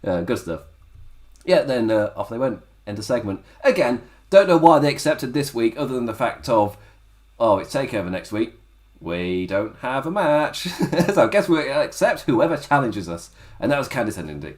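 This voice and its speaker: In a loose solo review of a wrestling episode, this podcast host wanders from point to point, chuckling often and slipping into brief mock voices. His voice is a little mellow, with big swings in pitch, and the whole thing sounds like unscripted chat.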